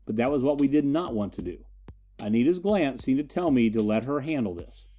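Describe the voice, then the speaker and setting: A man narrating an adventure story in the first person with steady, dramatic storytelling. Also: medium pitch, brisk, soft background music. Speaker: audiobook narrator.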